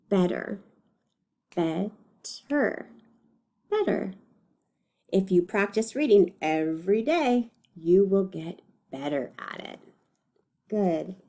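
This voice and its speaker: Slow, patient woman teaching reading. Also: medium pitch, dark tone. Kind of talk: reading lesson for young children. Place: recorded lesson video.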